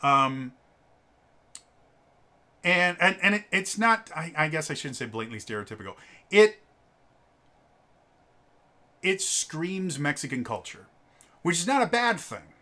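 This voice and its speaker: Stammering bright-voiced man reviewing game books. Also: a little high, big pitch swings. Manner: halting, many fillers and stammered repeats; opinionated, exasperated about stereotypes. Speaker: tabletop game book reviewer. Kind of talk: casual spoken review.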